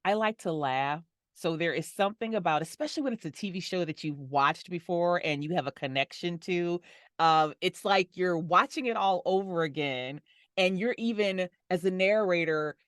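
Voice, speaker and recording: Woman, middle-aged, warm and smiling, easy laugh, dry close mic. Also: fairly low pitch, normal speed, no echo. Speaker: audio description narrator and voice actor. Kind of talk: conversational interview answers.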